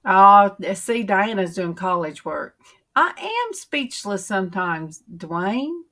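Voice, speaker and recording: Middle-aged woman hosting a livestream, unhurried, homey, rambling chat. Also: medium pitch, sing-song, a bit bright. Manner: rambling, homey, drawn-out storytelling. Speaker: livestream host. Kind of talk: casual chat to viewers.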